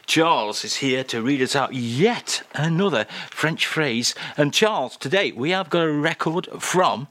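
A man's voice: fairly high pitch, animated, fairly bright tone. Jokey radio host man. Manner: playful, rambling, jokey patter with quick asides. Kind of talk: comic radio banter.

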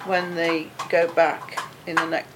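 A woman's voice: on the low side, completely flat delivery, measured pace, over a noisy crowd, low-quality recording. An older woman who knits, a guest on a radio chat, talking in an earnest, agreeable way. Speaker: guest, knitting group member. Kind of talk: casual radio interview.

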